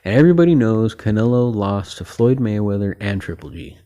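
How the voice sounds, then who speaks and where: Laid-back man with a dark, mellow voice. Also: lowish voice, fairly quick. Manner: rambling, heavy on filler words like "you know"; relaxed, opinionated and loose. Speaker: host. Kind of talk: casual boxing talk monologue.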